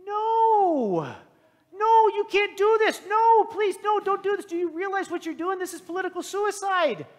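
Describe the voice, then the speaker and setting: A man's voice: lively intonation, unhurried. A man voicing a panicked male disciple who begs his teacher to stop, in a frantic, pleading tone. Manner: frantic, pleading, high-pitched.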